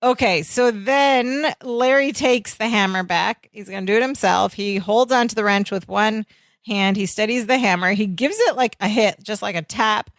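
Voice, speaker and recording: A woman's voice: mid-range voice, normal speed, no echo, clean studio sound. A woman co-hosting a podcast, chatting casually as she recaps a sitcom scene and acts out the lines with laughter. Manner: animated, acts out scenes with quoted voices and laughter. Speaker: podcast co-host.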